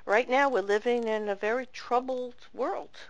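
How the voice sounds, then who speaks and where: A woman's voice: fairly high pitch, normal speed, no echo, highs cut off. A woman hosting a radio interview who asks earnest, emphatic questions.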